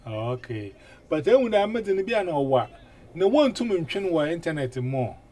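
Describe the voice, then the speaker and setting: A man hosting a casual radio chat, animated and full of 'eh' fillers and repeated words. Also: a little high, normal speed. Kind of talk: casual chat in mixed languages.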